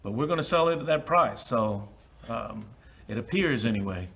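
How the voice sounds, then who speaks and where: A man working as an auctioneer at a live charity auction, repeating the asking price in steady runs with many filler sounds. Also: mid-range voice, normal speed, vocal fry.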